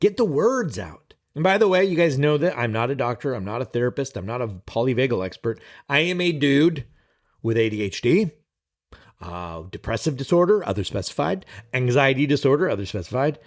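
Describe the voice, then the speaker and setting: A man's voice: mid-range voice, big pitch swings, brisk. A man vlogging as a productivity coach, talking casually and profanely straight to his viewers. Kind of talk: casual vlog monologue.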